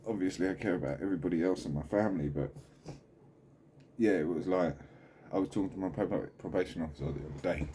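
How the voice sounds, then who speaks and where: A man speaking candidly in a video diary, halting and full of swearing, sitting at home. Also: deep voice, dark tone, a little hiss or hum. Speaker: channel host.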